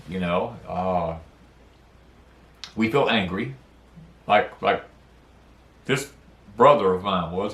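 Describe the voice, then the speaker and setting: A man's voice: fairly low pitch, fairly bright tone, roomy sound. A middle-aged man talking earnestly about grief, rambling and repeating words in a folksy way. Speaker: homestead channel host. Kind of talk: casual heartfelt talk on grief. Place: porch outdoors.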